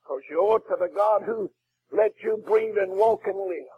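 A man preaching a fiery sermon as a Baptist preacher, shouting with a crying preaching cadence. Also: high-pitched, moderate pace, slightly rough, phone-quality sound.

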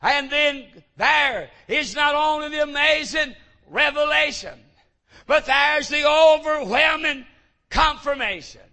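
High, gravelly shouting preacher. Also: male voice, slow pace. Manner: fervent, declamatory, rising to shouts on repeated refrains. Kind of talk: shouted sermon.

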